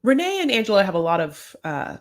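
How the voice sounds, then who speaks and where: A woman's voice: medium pitch, sing-song, quick pace. An American woman hosting a casual recap, talking in a chatty, gossipy, sassy way. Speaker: host. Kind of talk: casual reality-show recap.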